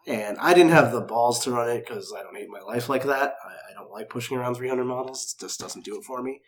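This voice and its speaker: A man's voice: mid-range voice, fairly quick. A man who teaches classes, chatting casually and emphatically on a podcast. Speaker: instructor and podcast co-host. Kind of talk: casual chat.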